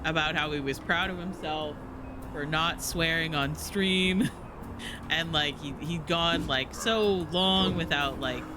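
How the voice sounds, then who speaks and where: A man's voice: a little high, slow pace, background noise. A man streaming a game, chatting casually in a rambling, giggly way with lots of fillers and restarts. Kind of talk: casual chat while playing a game. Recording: music playing in the background.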